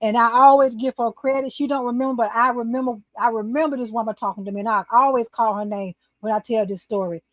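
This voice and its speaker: An older woman, a talk show host, telling a personal faith story in casual, animated chat. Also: fairly high pitch, fast talker, few pauses, no room sound.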